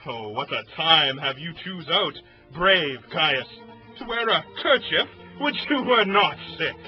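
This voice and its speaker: A man's voice: a little high, very animated, unhurried. A man playing a troubled Roman noble. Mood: solemn. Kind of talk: Shakespeare audio drama. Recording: dull lo-fi audio with faint music.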